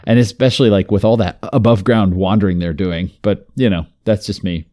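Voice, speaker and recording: Male co-host, deep mellow tone, rambly conversational delivery. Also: steady tone, fairly quick. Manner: rambling, many fillers and restarts. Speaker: podcast co-host. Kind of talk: casual chat.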